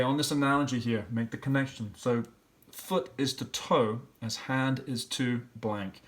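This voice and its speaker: A man teacher working through practice questions, thinking aloud step by step and sounding out letters and syllables. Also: mid-range voice. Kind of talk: classroom lesson walkthrough.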